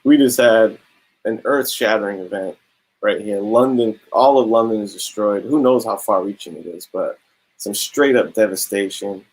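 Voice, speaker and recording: A young man casually reviewing a comic book, talking in a relaxed, slangy way. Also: on the low side, moderate pace, rough recording. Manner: laid-back slangy, drops "bro" and "straight up".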